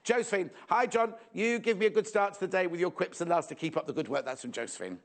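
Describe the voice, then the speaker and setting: A man's voice: high-pitched, fast talker. A man presenting a live shopping show in a playful, jokey, chatty way, reading out viewer messages.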